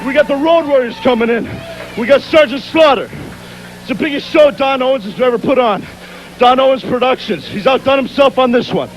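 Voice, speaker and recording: A man's voice: extremely high pitch, a little fast, slight background noise, low-quality recording. A man, a pro wrestler, out of breath and pumped up, cutting a boastful promo.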